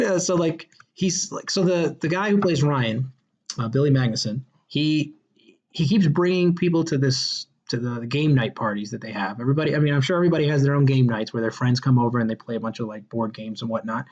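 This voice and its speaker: A man's voice: mid-range voice, expressive, fast, darkish tone. A man hosting a casual podcast chat reviewing a movie, enthusiastic and rambling, with many fillers and restarts. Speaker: podcast host. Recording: dull lo-fi sound.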